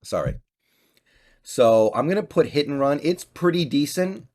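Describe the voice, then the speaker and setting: A man's voice: a little high, expressive, unhurried, a little mellow. A young man giving casual, offhand gaming commentary, thinking aloud as he ranks games. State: slight cough and voice crack. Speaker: gaming YouTuber. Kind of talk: casual tier-list commentary.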